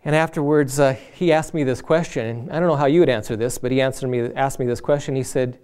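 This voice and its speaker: A man's voice: medium pitch, steady tone, fast, few pauses, a little mellow, clear, resonant tone. A man sharing a personal faith testimony from the pulpit. He talks in an earnest, conversational way and slips into the voices of the people he quotes. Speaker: lay preacher.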